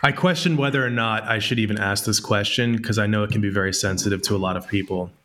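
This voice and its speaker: A man's voice: on the low side, fast, fairly bright tone, slight background noise. A man with a Southern US accent hosting a casual interview, rambling with many fillers and frequent laughs. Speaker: podcast host.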